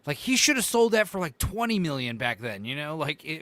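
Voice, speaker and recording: A man's voice: fairly high pitch, big pitch swings, brisk, a bit bright, no room sound. A man co-hosting a casual podcast chat, rambling and swearing, full of "like" and "you know". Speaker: podcast co-host.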